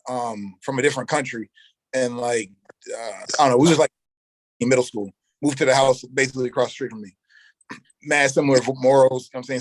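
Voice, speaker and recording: A young man telling a long story as an interview guest, animated, in heavy street slang, and acting out the quoted dialogue. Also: medium pitch, dry recording, poor audio. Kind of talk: casual storytelling.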